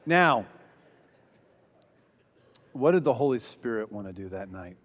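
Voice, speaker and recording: A man's voice: on the low side, expressive, unhurried, a bit bright. A man speaking as a pastor at a conference, telling a story with lots of energy and acting out the lines he quotes. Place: large hall before an audience. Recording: long reverb of a large hall.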